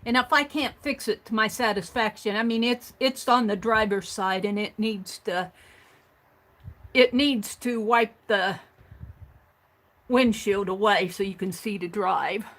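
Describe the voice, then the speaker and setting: Medium in pitch, measured in pace, and fairly bright, this woman hosts a crafting livestream. She's chatty and self-talking, reading comments aloud, often restarting sentences, filling pauses, and laughing easily.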